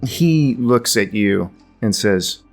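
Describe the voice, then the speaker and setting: Man, game master, lowish voice, hesitant narration, faint music behind. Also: animated, slow pace, creaky. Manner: loose, hesitant narration with fillers.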